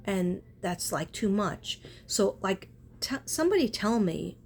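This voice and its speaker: A woman's voice: mid-range voice, sing-song, unhurried, a little hiss or hum. Earnest rambling woman vlogger. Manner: rambling, self-interrupting, earnest. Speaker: spiritual artist and vlogger. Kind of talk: casual spiritual vlog chat.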